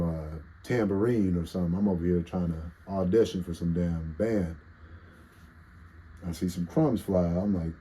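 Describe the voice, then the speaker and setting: This vlogger's voice sits low, warm and husky, though nasal from allergy congestion. He tells a meandering, foul-mouthed story, cutting himself off as he goes, and the recording quality is poor.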